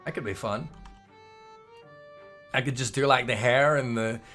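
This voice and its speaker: A man's voice: medium pitch, unhurried, bright, forceful tone, faint music behind. A man giving casual, jokey commentary while playing a game, rambling and chatty. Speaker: gaming streamer. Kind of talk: casual let's-play commentary.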